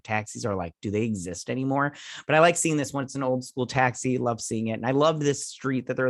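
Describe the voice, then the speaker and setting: A man's voice: mid-range voice, a bit bright, no room sound. Male show host, casual review, loose rambling delivery, swears freely, medium voice, dry room. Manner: rambling retelling, many fillers like "like" and "he's all like".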